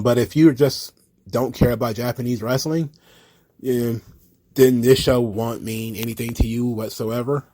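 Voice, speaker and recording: Guy ranting about wrestling, swears a lot, lots of ums, mid pitch, dry close sound. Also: warm tone, dry recording. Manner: blunt, profane, rambling with fillers. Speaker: wrestling commentary host. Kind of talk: casual opinionated commentary.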